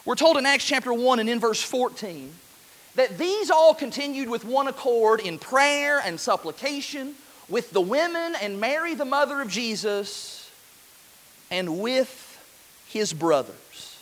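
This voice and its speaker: A man in his thirties preaching a sermon in a church, earnest, swelling loud and then dropping soft. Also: very high voice, expressive, measured pace.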